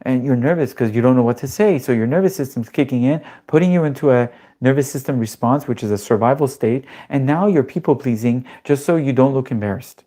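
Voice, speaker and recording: Motivational talk with guided breathing, warm mellow timbre, animated delivery, casual swearing, rhetorical questions. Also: mid-range voice, fairly quick, few pauses. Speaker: nervous system coach.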